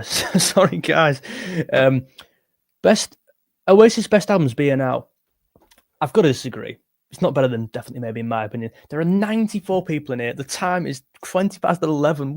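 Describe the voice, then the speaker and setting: A young man from England hosts a music livestream with a creaky, medium-pitched voice. He sounds tired while reading viewer comments, chatting casually, rambling, and interrupting himself.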